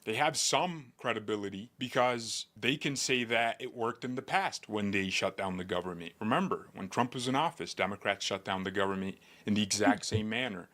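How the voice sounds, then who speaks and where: A man's voice: on the low side, moderate pace, hardly any pauses, fairly bright tone. A man streaming casual political commentary in an opinionated, conversational way. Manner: opinionated, conversational, talks things through.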